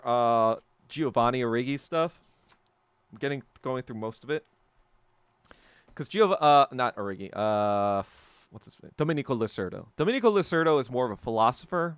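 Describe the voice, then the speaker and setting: A man's voice: mid-range voice, fairly bright tone, smooth, no room sound. A man hosting a podcast livestream, ranting in casual, profane commentary that wanders between topics. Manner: profane, rambling and heated. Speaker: podcast host.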